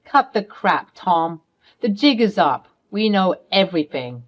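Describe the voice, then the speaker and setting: A woman's voice: medium pitch, very animated, a little slow. A woman playing a fierce, protective middle-aged mother who speaks in firm, cutting terms. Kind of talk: storytime role-play.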